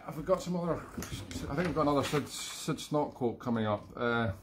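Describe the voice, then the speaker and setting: A man's voice: medium pitch, expressive, a little fast, slight background noise. A middle-aged man hosting a home live stream, rambling and self-mocking as he reads viewer comments aloud. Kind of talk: casual live-stream chat. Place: home room.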